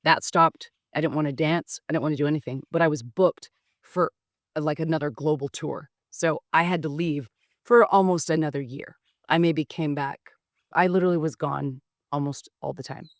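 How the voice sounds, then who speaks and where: A woman's voice: deep voice, normal speed, no echo, studio quality. A woman hosting a podcast, telling a candid personal story in a frank, emotional way, swearing freely and acting out her past thoughts. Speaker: podcast host.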